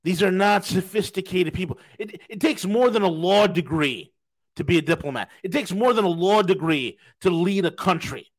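A man's voice: sits high, moderate pace. A man from the United States co-hosting a podcast, giving blunt, emphatic political commentary and repeating his key phrases for effect. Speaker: podcast co-host.

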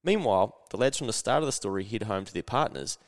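A man with a New Zealand accent tells a story on his podcast in a slangy, swearing, casual way, his voice swinging widely up and down. He sits at a middle pitch. A long reverb trails after his voice. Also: expressive, fast talker. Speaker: podcast host.

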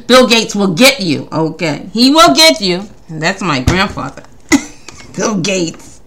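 Playful podcast woman, bright and lively. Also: mid-range voice, slow, long pauses. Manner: playful, teasing, laughs often, rambling restarts. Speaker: podcast host. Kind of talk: casual comedic monologue.

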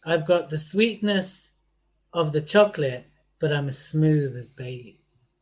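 A man's voice: on the high side, expressive, measured pace. A man hosting a podcast in a jokey, teasing way, laughing at his own jokes. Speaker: podcast host. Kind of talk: casual podcast chat.

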